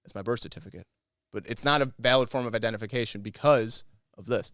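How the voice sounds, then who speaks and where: A man's voice: mid-range voice, fast, a bit bright, clear, resonant tone, no room sound, clean studio sound. A man co-hosting a podcast, telling a story in a rambling, profane, casual way. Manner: rambling, profane retelling of a conversation. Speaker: podcast co-host.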